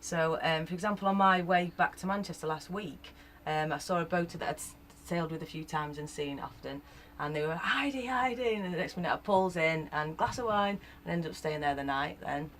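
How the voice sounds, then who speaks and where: A woman with a notably low voice talks brightly and casually, with a faint outdoor hum behind her. She is chatty and upbeat. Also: fairly even intonation, fairly quick, few pauses, low-quality recording. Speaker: canal boater. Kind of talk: casual interview.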